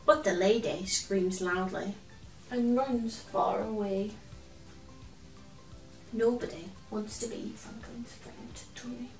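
A woman reads a children's picture book aloud in a gentle, expressive storytelling voice, pausing to chat with a toy friend. Her voice sounds set back from the mic in a roomy, echoey space. Soft music plays faintly beneath her. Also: medium pitch, vocal fry, distant mic.

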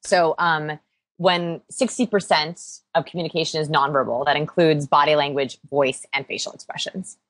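A woman interviewed as an expert, explaining energetically with quick examples. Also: sits low, fairly even intonation, fairly bright tone, no echo. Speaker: interview guest, body language expert. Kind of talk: podcast interview.

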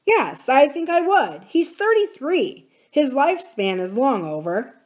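A woman's voice: high voice, very animated, measured pace, darkish tone, pitched above the performer's own voice. A woman reading the part of a grieving, bitter middle-aged man. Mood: tense.

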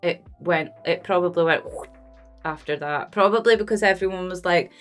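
A woman's voice: on the low side, moderate pace, soft background music. A Scottish woman chatting casually and emotionally as a movie reaction vlogger, rambling and laughing often.

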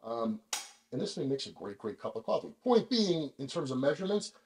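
A man's voice: medium pitch, a little fast. Laid-back guy chatting through a kitchen demo, lots of ums, echoey room. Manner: relaxed, chatty, many fillers. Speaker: vlog host. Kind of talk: casual demonstration.

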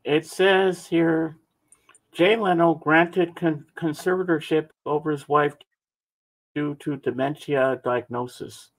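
A man co-hosting a casual podcast, reading a news item aloud slowly and haltingly. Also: a little high, fairly even intonation, poor audio. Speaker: podcast co-host. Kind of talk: casual chat.

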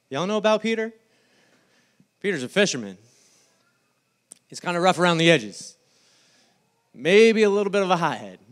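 A male pastor preaching a sermon, telling the story with lively quoted voices. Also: high voice. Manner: animated storytelling, acting out the scene in quoted voices.

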